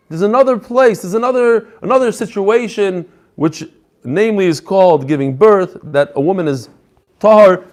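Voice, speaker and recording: Male rabbi, fairly high voice, lively lecturing style, mixes English with Hebrew and Aramaic terms. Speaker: rabbi teaching a daily Talmud class. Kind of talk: lively Talmud lecture to a live group.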